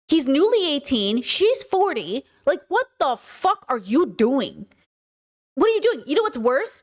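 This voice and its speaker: A woman hosting a podcast, giving blunt, profane and heated commentary on video clips. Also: high-pitched. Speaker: podcast host reacting to clips. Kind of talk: casual commentary.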